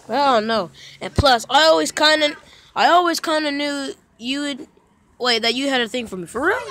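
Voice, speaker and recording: A woman playing a texting game and reading its chat lines aloud in casual commentary, with animated, playful reactions. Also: on the high side. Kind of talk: casual let's-play commentary. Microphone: phone microphone via screen recorder. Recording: loud noisy phone screen recording with clicks.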